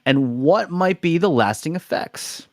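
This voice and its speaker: A man's voice: fairly high pitch, animated, unhurried, no echo, studio quality. A man co-hosting a casual podcast. He reads out topic introductions, then talks loosely with frequent restarts. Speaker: podcast co-host. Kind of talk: casual chat.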